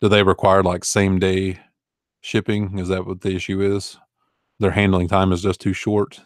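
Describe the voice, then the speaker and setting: A man's voice: low-pitched, little pitch movement, normal speed, dry recording, studio quality. A man in his forties, an online reseller, chatting casually and rambling through viewer questions with easygoing fillers and chuckles. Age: 40s. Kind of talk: casual live Q&A chat.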